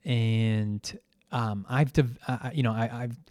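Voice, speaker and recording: Earnest man with a halting delivery. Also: medium pitch, steady tone, darkish tone, no room sound. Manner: earnest, emotional, halting with many fillers. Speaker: podcast host and coach. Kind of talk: reflective solo podcast talk.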